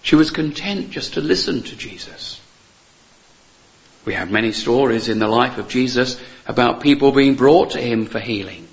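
A man's voice: mid-range voice, lively intonation, normal speed, vocal fry, muffled recording. A man preaching a sermon in an earnest, emphatic way, repeating key phrases and asking rhetorical questions.

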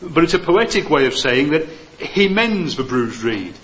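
A man preaching a sermon, earnest and gentle, with many "uh" fillers. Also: a little high, very animated, normal speed, muffled recording.

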